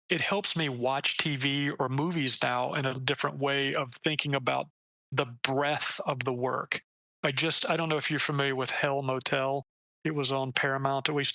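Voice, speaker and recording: A man, a debut author, chatting casually in an interview, animated and acting out quoted lines, swearing casually and restarting sentences. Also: gravelly, no room sound, poor audio. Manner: animated, acts out quoted lines with jumps in pitch.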